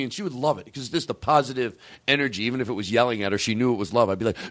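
A man hosting a comedy podcast, telling rambling, profane, excitable stories in casual chat. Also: medium pitch, very fast, no room sound. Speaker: podcast host.

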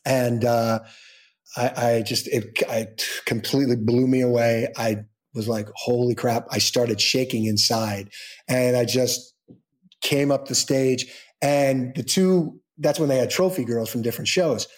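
Middle-aged man spinning an animated anecdote. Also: medium pitch, measured pace. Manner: animated storytelling, acts out quoted voices; many fillers and restarts. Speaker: guest actor. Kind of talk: casual anecdote in a podcast interview.

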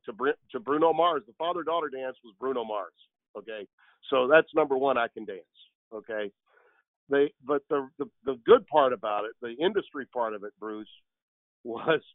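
A man's voice: medium pitch, no room sound. An older man, a guest broadcaster, telling rambling, jokey stories in casual chat over the phone. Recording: tinny dry phone line.

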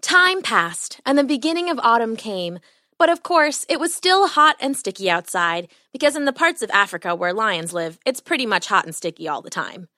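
A woman reads a children's story aloud, her voice bright and rising and falling a great deal. The sound is close and dry, as if right at a studio mic. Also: on the high side, normal speed, no room sound. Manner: animated, expressive storytelling. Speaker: podcast host and storyteller. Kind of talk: children's bedtime story narration.

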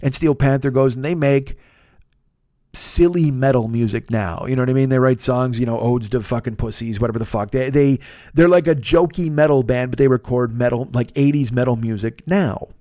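A man's voice: mid-range voice, normal speed, dark tone, dry recording, clean studio sound. Profane, exasperated man ranting. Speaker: podcast host. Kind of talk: casual storytelling monologue.

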